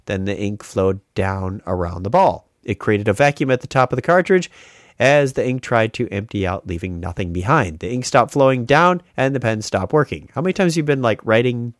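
Animated podcast host ranting. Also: male voice, mid-range voice, fairly quick, no room sound, clean studio sound. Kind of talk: casual chat.

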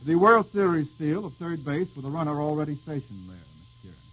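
A man's voice: a little high, big pitch swings, music in the background. A man hosting an old-time radio quiz show, bantering wryly with the panel and reading out listeners' questions. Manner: wry, bantering, quick with jokes. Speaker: quizmaster host. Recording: dull lo-fi old radio broadcast.

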